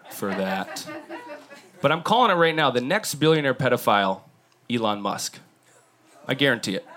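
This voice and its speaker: A man's voice: medium pitch, fairly bright tone, slight background noise. A man doing a crude stand-up comedy set, riffing and talking straight to the crowd. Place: comedy club stage. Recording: live club audience. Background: audience laughing.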